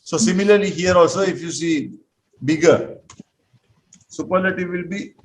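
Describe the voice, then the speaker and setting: A man's voice: sits high, moderate pace, slight background noise, rough recording. Patient male English teacher drilling words. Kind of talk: classroom grammar lesson.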